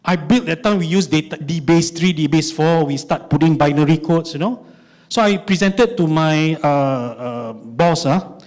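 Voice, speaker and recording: A man in his forties with a Malaysian English accent speaks at a finance summit. His voice sits on the higher side, and he tells his stories in an animated way, tossing rhetorical questions at the audience. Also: normal speed. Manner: animated storytelling, lots of rhetorical "right?". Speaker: conference speaker. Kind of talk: conference keynote talk.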